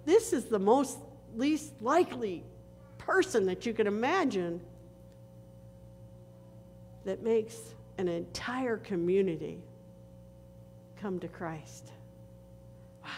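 A woman pastor delivers a sermon in slow, deliberate phrases, pausing for weight between her lines. Her voice carries through a church sanctuary with a long reverberant tail and a faint hum of noise behind it. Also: medium pitch, expressive, darkish tone. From northern United States. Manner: slow, earnest preaching with dramatic pauses.

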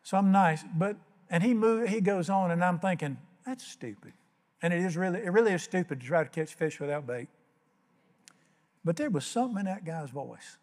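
A man's voice: high-pitched, animated, fairly quick, darkish tone, in a large hall. An older man preaching a sermon as pastor, telling folksy stories and acting out the voices. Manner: folksy storytelling, acts out voices.

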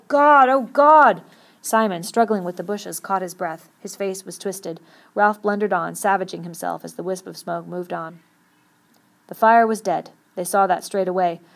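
A woman reading a novel aloud with steady, expressive storytelling. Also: fairly low pitch, gravelly. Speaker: audiobook reader.

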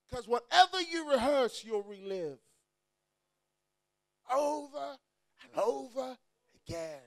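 A man preaching an energetic sermon to a crowd, often shouting. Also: very high voice, slow, pauses often. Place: church or event hall.

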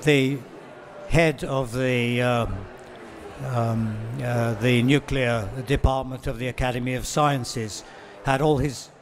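At a book-fair talk, a male literary translator reads excerpts at a measured pace, now and then saying "um" or correcting himself. His mid-range voice keeps a fairly even intonation, and there's a slight hiss or hum in the audio.

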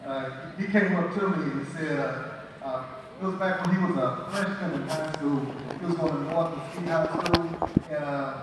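Middle-aged male band director, folksy and halting, slightly high voice, distant mic in an echoing auditorium. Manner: folksy storyteller, halting with restarts. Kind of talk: speaking to a concert audience. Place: school auditorium. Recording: echoey hall from far off, faint noise.

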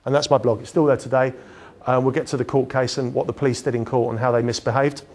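A man's voice: medium pitch, steady tone, fast talker, darkish tone. A man giving a candid public talk with slides. He tells his story with many restarts and filler words and chuckles at himself. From England.

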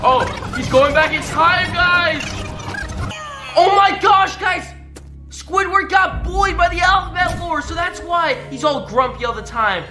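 A woman's voice: very high-pitched, expressive, normal speed, hardly any pauses. A woman hosting a reaction video, gasping, exclaiming and constantly calling out to viewers as guys. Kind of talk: excitable reaction commentary. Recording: roomy sound with music behind. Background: background music.

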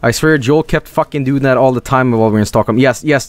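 A man streams a video game, rambling and swearing through casual commentary broken by sudden high-pitched outbursts. He talks fast, and there's no echo.

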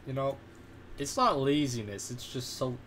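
A young man chatting over a game with a friend, his voice swinging widely up and down as he gets worked up. He is loud and excitable and often breaks into shouts. Faint keyboard typing sits in the background of his mic. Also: medium pitch, normal speed, slight background noise. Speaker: gamer on voice chat. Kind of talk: casual gaming banter.

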